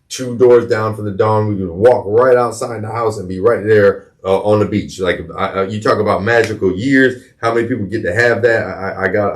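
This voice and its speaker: A middle-aged man hosting a podcast, telling a personal story in a candid, profane way, often repeating words as he searches for them. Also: lowish voice. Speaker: podcast host.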